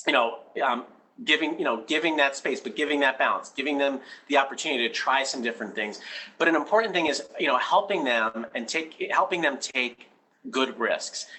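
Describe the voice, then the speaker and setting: A male education expert speaking in an interview with a bright, forceful tone. He talks earnestly and off the cuff, often restarts his thoughts and tags "right?" onto his points. He explains his ideas through personal stories. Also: mid-range voice, low-quality recording. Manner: earnest, many restarts, keeps adding "right?". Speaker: education expert guest, head of a school. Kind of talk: conversational interview answers.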